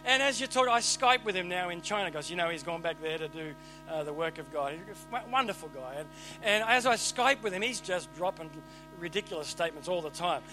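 A man preaching a sermon, animated and emphatic, swinging between loud and quiet. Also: high-pitched, brisk, soft background music, low-quality recording.

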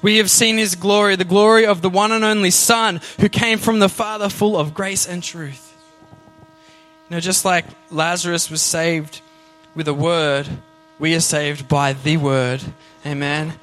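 A man's voice: sits high, unhurried, faint music behind. A man preaching an Easter sermon, reading scripture aloud and checking in with his listeners with "amen?". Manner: animated, engages audience with "amen?". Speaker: pastor.

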